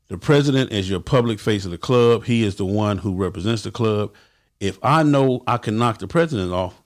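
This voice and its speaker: A man with a mid-range voice runs a livestream for his motorcycle club, handing out blunt, foul-mouthed advice and raising his voice to act out quotes.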